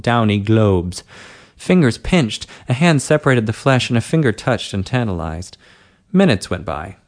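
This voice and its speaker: A man reading an adult story aloud at a steady, unhurried pace. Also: medium pitch. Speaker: narrator.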